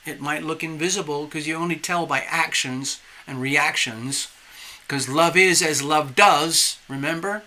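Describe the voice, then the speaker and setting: Man tarot reader, live reading, rambling and spiritual, bright and slightly high. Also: a little slow.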